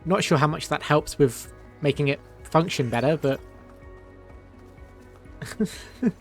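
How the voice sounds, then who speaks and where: A man's voice: fairly high pitch, slow, faint music behind. A male streamer chatting casually while playing a video game, laughing often. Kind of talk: game commentary.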